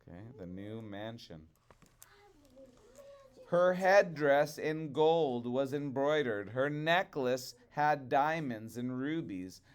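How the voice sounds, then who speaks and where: A man reading a fairy tale aloud to children in a rhythmic, expressive way. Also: medium pitch, smooth. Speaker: storyteller.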